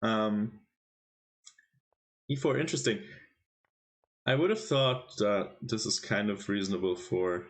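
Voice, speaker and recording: Commentating a chess tournament on his live stream, this man casually teases his chat and throws quiz questions at viewers. His voice is lowish and expressive, unhurried, with long pauses, and his manner is playful.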